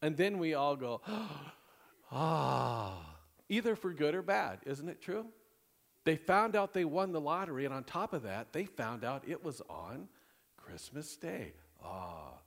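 A male pastor preaching a sermon, animated and conversational, jumping between loud exclamations and hushed, intimate passages, often laughing through his lines. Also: on the high side. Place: church sanctuary. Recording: long hall reverb.

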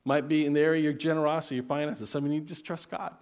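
Pastor guy preaching, kinda high voice, earnest storytelling, goes soft and hushed a lot. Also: level tone, racing. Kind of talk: sermon.

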